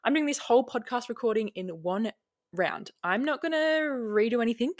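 A woman's voice: fairly high pitch, animated, moderate pace. A young Australian woman hosting her own podcast, chatting casually on a plugged-in mic, swearing freely and ranting. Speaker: podcast host. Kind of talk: casual solo podcast chat.

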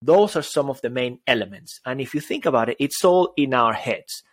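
A man's voice: mid-range voice, animated, fairly quick. Spanish-accented man co-hosting a podcast. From Spain. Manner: playful, switches between languages. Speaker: podcast co-host. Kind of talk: casual podcast chat.

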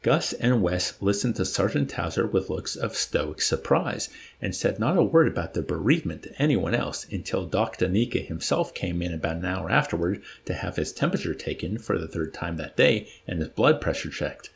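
Gravelly man reading a novel aloud. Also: low voice, normal speed, few pauses, a little hiss or hum. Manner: expressive, stops to comment. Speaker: reader.

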